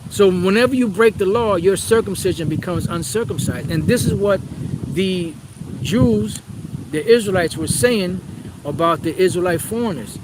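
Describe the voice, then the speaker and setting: A man's voice: high voice, moderate pace, noisy background. A man teaching from the Bible in a preaching style, reading verses aloud and then explaining them with rhetorical questions and repeated phrases.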